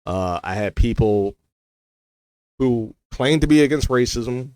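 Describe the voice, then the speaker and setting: A young man speaks straight to his viewers about his own life, drifting from thought to thought with lots of "like" and "you know". His voice sits at an ordinary middle pitch. The sound is dry and close, with no room around it. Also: lively intonation, slow pace, a little mellow, clean tone, dry recording, poor audio. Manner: rambling, heavy use of "like" and "you know". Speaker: vlogger. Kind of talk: personal storytelling monologue.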